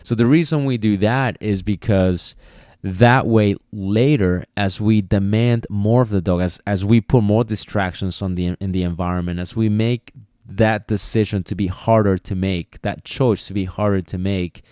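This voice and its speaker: Here a man explains dog training on his podcast, casually and repetitively, now and then demonstrating commands. His voice is on the low side, steady and warm, at normal speed. It's a dry, studio-quality podcast mic recording.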